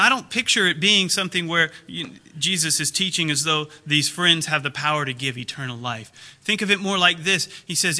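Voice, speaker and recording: Male pastor, animated sermon storyteller, bright ringing voice, a touch high. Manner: animated storytelling, acts out characters' lines.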